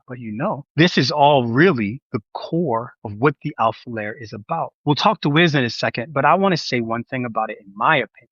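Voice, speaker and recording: A man hosting a podcast, giving an emphatic, wounded rant that rises into loud reproach. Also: medium pitch, dry recording, muffled recording. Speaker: podcast host. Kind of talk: impassioned rant to the audience.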